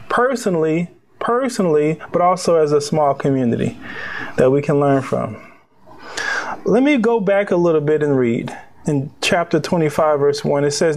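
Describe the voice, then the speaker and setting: A man with a high, light voice delivers a sermon to a congregation. He talks in a conversational way, stretching out key words for emphasis and sometimes pausing to restart a phrase. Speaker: pastor.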